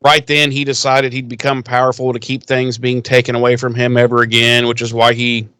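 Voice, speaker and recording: A man's voice: mid-range voice, completely flat delivery, brisk, bright, forceful tone, clear, resonant tone, dry recording. A man co-hosting a podcast, casually recapping an episode, laughing and swearing as he acts out the lines. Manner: laughing, profane, retells scenes in quoted voices. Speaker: podcast co-host.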